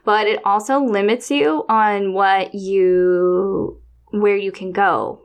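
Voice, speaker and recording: A woman's voice: mid-range voice, steady tone, slow, clear, resonant tone. Chatty woman podcast host. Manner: chatty, exasperated venting with mimicked quotes. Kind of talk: casual chat.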